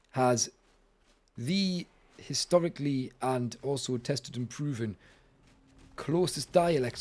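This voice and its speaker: A man's voice: mid-range voice, darkish tone. A man with an English accent, chatting playfully and teasing on a casual gaming stream. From England.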